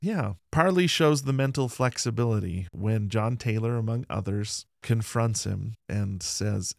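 A man's voice: on the low side, measured pace, gravelly, hardly any pauses, no room sound, clean studio sound. A man co-hosting a conversational podcast, earnestly retelling history and reading old quotes in his plain voice. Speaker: podcast co-host. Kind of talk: casual conversational history discussion.

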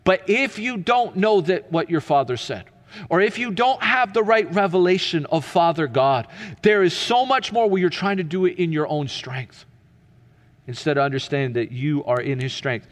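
A man preaching a sermon as pastor, earnest and emphatic, then dropping to a soft, hushed delivery. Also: fairly high pitch, lively intonation, normal speed, long reverb tail.

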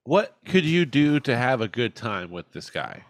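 A man's voice: medium pitch, sing-song, unhurried, no room sound. A man co-hosting a casual chat, joking crudely about a clip.

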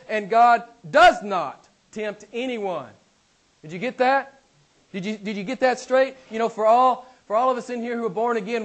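A man with a fairly high voice preaching a sermon. He swings from loud, stretched-out emphasis to quiet, low pleading. He acts out the people he quotes in a mocking tone. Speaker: pastor.

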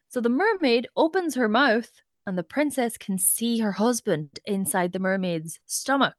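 A woman's voice: on the high side, expressive, moderate pace, few pauses, no room sound, clean studio sound. A woman co-hosting a podcast, retelling a folk tale in a chatty, gossipy way. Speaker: podcast co-host. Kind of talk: comic storytelling chat.

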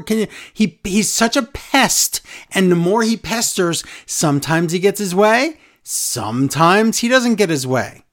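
A man with a slightly high voice rants his way through a casual wrestling chat, griping about wrestlers he can't stand. He breaks into mocking, sing-song repetitions to make fun of them. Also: expressive, a little slow, few pauses, fairly bright tone. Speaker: podcast co-host.

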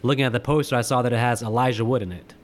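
A man's voice: medium pitch, fairly even intonation, racing. A man co-hosting a podcast, chatting about movies in a teasing, playful way with silly bits. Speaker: podcast co-host. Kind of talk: casual movie chat.

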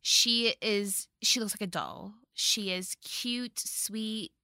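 A woman's voice: medium pitch, slow, sharp tone, clear, resonant tone, no echo, studio quality. A woman co-hosting a podcast, casually recapping a movie, giggly and gushing with frequent swearing. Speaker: podcast co-host.

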